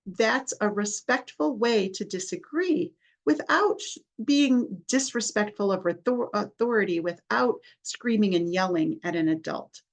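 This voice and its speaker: A woman's voice: fairly high pitch, measured pace, vocal fry. A woman hosting a podcast, earnestly explaining parenting strategies and often restarting her sentences. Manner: earnest, explanatory, with many restarts and acted examples. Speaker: therapist and podcast host. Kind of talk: podcast talk giving parenting advice.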